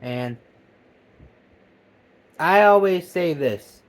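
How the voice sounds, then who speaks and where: A man delivering a profane, heated comedic rant that swings between loud outbursts and low mutters. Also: lively intonation, extremely slow. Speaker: vlogger. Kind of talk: comedic ranting monologue.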